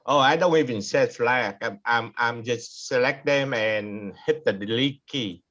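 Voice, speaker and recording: A man in a club video call who speaks hesitantly, with many pauses and uh's. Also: mid-range voice, fairly bright tone. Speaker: club member. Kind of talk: casual Zoom meeting chat. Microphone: computer mic on a video call. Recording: dull lo-fi video call audio.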